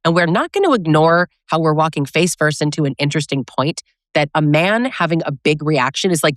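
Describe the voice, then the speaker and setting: Blunt, sarcastic low-voiced woman. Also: animated, brisk, no echo, clean studio sound. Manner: blunt, sarcastic, acts out quoted lines. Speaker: relationship coach. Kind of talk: direct-to-camera advice talk.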